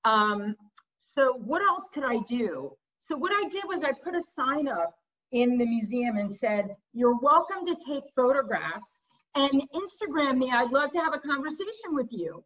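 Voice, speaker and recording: A woman's voice: high-pitched, big pitch swings, a little slow, a bit bright. A middle-aged woman giving a casual, candid art lecture over a video call, laughing at her own stories. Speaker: visiting artist lecturer. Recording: muffled video call audio.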